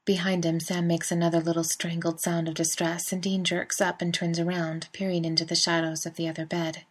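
A woman's voice: fairly low pitch, level tone, brisk. A woman narrating a fan fiction story in a wry, conversational way. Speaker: reader. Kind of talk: fan fiction audiobook reading.

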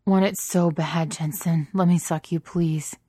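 An eager young man who pleads and murmurs in a breathy, heated voice, as a woman reading the story puts him on. The tone stays low and mellow with little rise and fall, close and dry to the mic. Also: steady tone, a little slow, no echo.

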